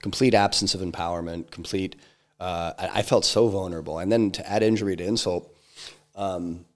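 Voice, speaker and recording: Man, very deep voice, halting, restarts, filler words, candid interview storytelling. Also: fairly even intonation. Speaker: interview guest, entrepreneur.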